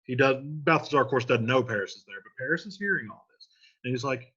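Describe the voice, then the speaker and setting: Husky-voiced man explaining a play. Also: mid-range voice, expressive, fast talker, pushed and bright, dull audio. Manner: casual, retelling in everyday slang. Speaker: teacher.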